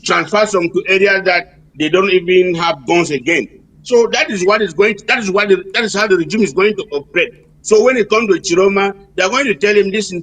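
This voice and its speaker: A man calling in to a political talk show, halting with rhetorical questions. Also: sits high, a bit bright. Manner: halting, many fillers and restarts, asks rhetorical questions. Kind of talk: political call-in commentary. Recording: distant-sounding call-in audio.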